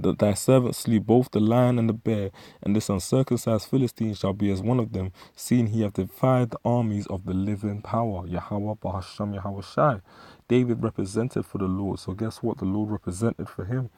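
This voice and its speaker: A man's voice: on the low side, dark tone, no room sound. A man with a London accent teaching from the Bible, reading verses aloud and then retelling them in street slang with many restarts. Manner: frequent fillers and restarts. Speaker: street preacher.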